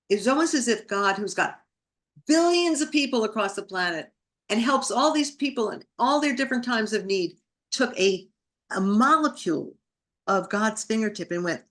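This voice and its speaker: Expressive and a little bright, a woman with a mid-range voice talks at normal speed as a podcast guest. She relates a personal story with vivid emotion, dramatizing her inner thoughts.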